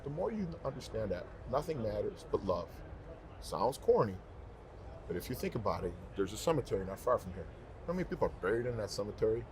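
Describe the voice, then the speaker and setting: A fast-talking man with a lowish voice, who sings for a living, speaks casually as a guest in an interview. He tells animated stories with heartfelt emphasis, repeating himself to drive points home.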